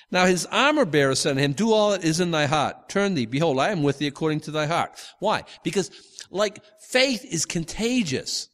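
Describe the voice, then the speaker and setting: A preacher with a slightly high voice teaches from the Bible in a loose, conversational style, and the sound carries like a big room. He stumbles over restarts and acts out the quotes as he goes.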